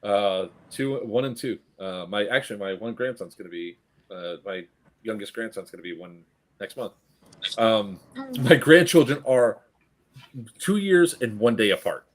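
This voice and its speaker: A middle-aged grandfather telling animated, profane stories in casual chat, acting out the quotes. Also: fairly low pitch, moderate pace. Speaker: stream co-host.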